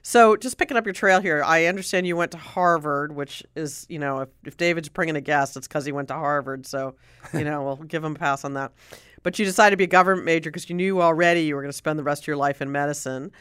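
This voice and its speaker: A man's voice: a little high, quick pace, fairly bright tone, clear, resonant tone, no room sound, clean studio sound. A man hosting a podcast interview, asking questions with teasing jokes. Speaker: podcast host.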